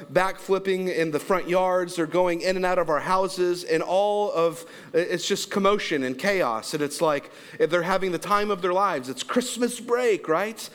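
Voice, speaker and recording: High-voiced animated male pastor. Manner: animated storytelling, acts out quotes with big pitch jumps, laughs along. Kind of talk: sermon. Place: church sanctuary.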